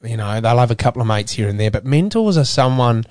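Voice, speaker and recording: A middle-aged Australian man, a former footballer turned radio presenter, talking candidly in an interview, earnest and halting with frequent restarts. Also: medium pitch, lively intonation, a little mellow, no room sound, clean studio sound.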